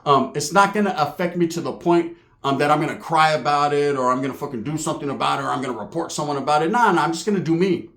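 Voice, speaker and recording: A streetwise man, talking straight to his viewers and swearing freely. His voice sits a touch high for a man, with Spanish words dropped in here and there. The room around him echoes noticeably. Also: fast, fairly bright tone. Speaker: YouTube vlogger. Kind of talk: casual talk to camera.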